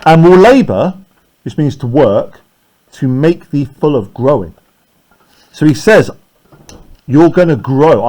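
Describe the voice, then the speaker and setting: A man's voice: fairly high pitch, a little mellow. A man teaching a class, explaining lines of a play and often checking in with "right?".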